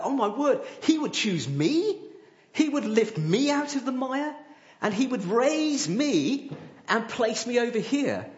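A man preaching a sermon with an object lesson, animated, often checking in with tag questions. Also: high-pitched, reverberant, highs cut off.

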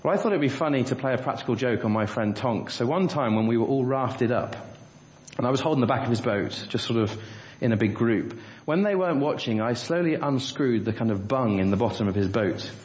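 A pastor with a mid-range, darkish voice and lively intonation preaches a sermon at a brisk pace. He tells a story and then puts rhetorical questions to the congregation, captured in a roomy, dull church recording.

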